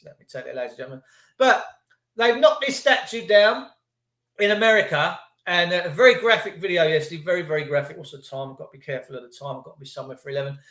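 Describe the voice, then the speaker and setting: Sweary man ranting, bright. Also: high-pitched, reverberant. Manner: swearing, mocking, acts out voices. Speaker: livestream ranter. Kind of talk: angry livestream rant.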